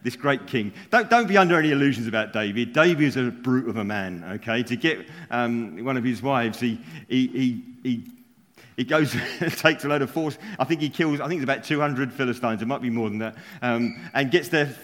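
A man's voice: mid-range voice, fairly quick, a bit bright. A man preaching a sermon, telling stories with frequent chuckles. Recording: long hall reverb.

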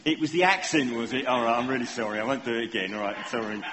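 Preacher in a reverberant hall. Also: male voice, medium pitch, fast talker, noisy background. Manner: conversational, self-deprecating, asks the congregation questions. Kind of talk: sermon. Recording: long hall reverb, faint ambience.

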